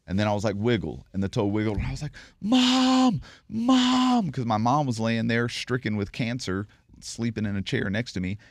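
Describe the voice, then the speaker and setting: Male guest, very low voice, earnest storyteller, dry close studio sound. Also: no echo. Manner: earnest, swears on things. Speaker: guest, MMA promoter. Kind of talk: personal storytelling.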